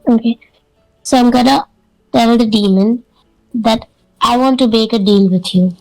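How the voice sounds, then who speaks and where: A woman's voice: a little high, a little slow, vocal fry, darkish tone, soft background music, poor audio. A woman playing in a tabletop game, asking questions directly and insistently. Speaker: player.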